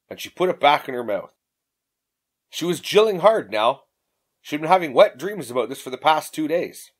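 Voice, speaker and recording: Expressive man narrating. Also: a little high, normal speed. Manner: expressive reading. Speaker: audiobook narrator. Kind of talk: audiobook narration.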